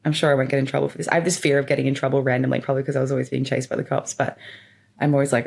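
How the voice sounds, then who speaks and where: A woman's voice: very deep voice, level tone, very fast, darkish tone. A young woman podcast host candidly telling her life story in a rambling, open way, full of fillers. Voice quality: gravelly. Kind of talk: personal storytelling monologue.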